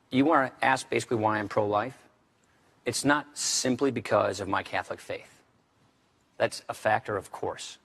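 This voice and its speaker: A man's voice: medium pitch, a bit bright. A man, a congressman, speaking in a formal political debate, firm and repeating key phrases for emphasis. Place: debate stage.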